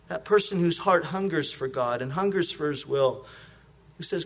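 A man's voice: fairly high pitch, normal speed. A man who is a pastor, giving a conversational sermon, often repeating words as he starts a thought and acting out short prayers and exchanges. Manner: acts out prayers and small exchanges in a lighter voice.

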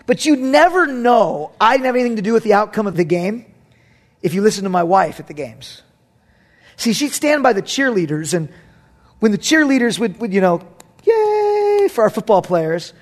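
High-voiced animated male preacher. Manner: animated, swinging from loud bursts to hushed near-whispers. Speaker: pastor. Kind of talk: sermon.

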